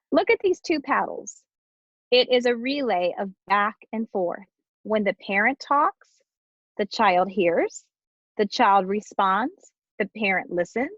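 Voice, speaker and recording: A woman's voice: mid-range voice, dry recording, lo-fi sound. A middle-aged woman presents a family literacy webinar in an encouraging, parent-to-parent way.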